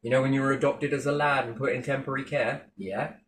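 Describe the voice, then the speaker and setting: A man's voice: mid-range voice, steady tone, fast, fairly bright tone, slight background noise. A man delivering a mocking, sweary monologue with big sarcastic swings in tone.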